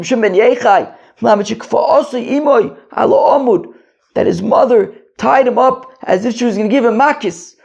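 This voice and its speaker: Hoarse, high, gravelly man teaching Talmud. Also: darkish tone. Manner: reads Hebrew and Aramaic, then translates phrase by phrase in casual talk. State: hoarse, struggling voice. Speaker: Talmud teacher, podcast host. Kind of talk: casual Talmud study podcast. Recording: dull lo-fi recording.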